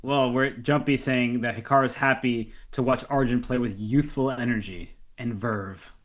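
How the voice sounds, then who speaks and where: Brief: upbeat male co-commentator, mid-pitched, easy laugh, analytical. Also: fairly even intonation, moderate pace. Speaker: chess co-commentator. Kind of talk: casual live commentary.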